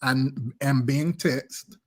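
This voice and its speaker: A man's voice: mid-range voice, steady tone, takes it slowly. A man hosting a casual live-stream chat, talking in a blunt, emphatic, preachy way. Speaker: live show host.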